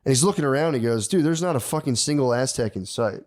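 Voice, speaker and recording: A man's voice: mid-range voice, lively intonation, fast talker. A man on a podcast telling a history story in casual, profane slang, acting out the characters' lines.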